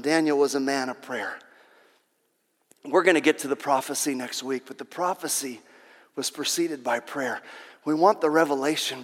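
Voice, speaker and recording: A man preaching a sermon as pastor, impassioned and repetitive, swinging between loud and hushed. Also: on the high side, long reverb tail.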